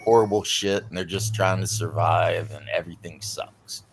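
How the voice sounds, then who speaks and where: A man with a fairly low voice chats casually about tabletop games. He is blunt and jokey and tells stories with a profane streak. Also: fairly even intonation, moderate pace, gravelly, a little hiss or hum. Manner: blunt, joking, profane storyteller.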